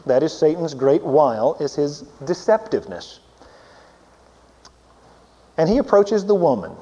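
A man preaching a sermon, swinging between loud emphatic peaks and low hushed asides. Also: big pitch swings, a little slow, long reverb tail, lo-fi sound.

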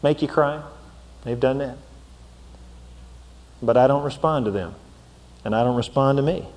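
A man preaching a sermon as a pastor, swinging between shouts and hushed near-whispers, acting out scenes with sound words like "boom.". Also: unhurried. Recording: long hall reverb.

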